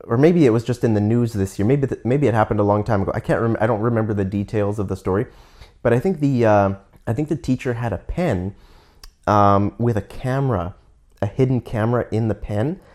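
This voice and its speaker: A man's voice: fairly low pitch, a little fast, darkish tone. A man with a Canadian accent talking candidly in a casual monologue, often restarting and stopping to explain words for learners.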